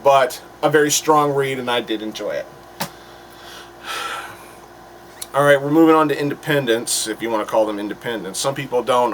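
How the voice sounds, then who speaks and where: A man hosting a casual comic book review, rambling with fillers, laughs and the odd swear word. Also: a little high. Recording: distant mic with faint background noise.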